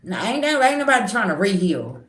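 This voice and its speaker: A woman's voice: medium pitch, a little fast, noisy background. Middle-aged woman, spiritual reader, blunt casual livestream talk, swears, roomy echo. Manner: blunt, swearing, animated storytelling.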